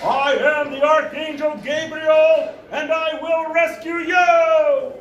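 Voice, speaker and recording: A man voicing a wild-eyed stranger who proclaims himself an archangel, in slow, booming declarations. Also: steady tone, a bit bright, lo-fi sound, slight background noise, heavily acted. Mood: grandiose. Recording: roomy live sound from far off.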